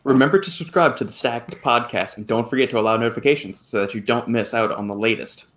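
A man hosts a podcast with easy, teasing banter. He laughs often between lines. His pitch is ordinary for a man. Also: fast talker, a bit bright. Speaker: podcast host. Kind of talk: casual podcast chat.

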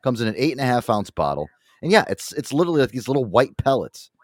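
A man's voice: mid-range voice, quick pace, no echo. A male podcast host from an Italian-American family, chatting casually and swearing often. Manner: crude, animated, swears often. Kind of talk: casual chat.

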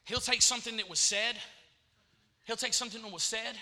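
A man's voice: very high voice, fairly even intonation, a little fast, pushed and bright. A man preaching a sermon in church, repeating phrases and calling out to the congregation.

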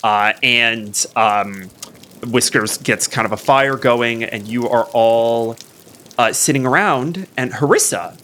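Brief: game master, man, crisp bright tone, casual filler-laden scene setting. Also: mid-range voice, takes it slowly. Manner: loose, filler-heavy narration. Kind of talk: narrating a tabletop game.

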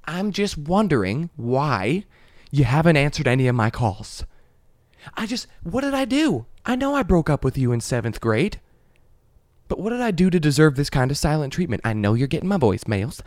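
A man's voice: mid-range voice, animated, normal speed, vocal fry, long pauses, no echo, clean studio sound, voice pushed up. A man doing a jilted young woman's voicemail. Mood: hurt, demanding. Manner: pleading then snapping, repetitive.

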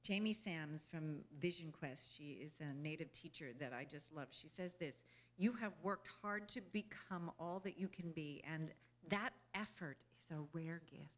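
Her voice sits low and moves at a normal speed as she gives an inspirational talk to a group. She's a spiritual speaker, earnest and conversational, who often checks in with "you know?" and laughs easily between thoughts.

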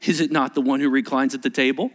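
A pastor with a medium-pitched voice and fairly even intonation preaches a sermon fast and conversationally. He asks rhetorical questions and acts out quoted speech in varied voices.

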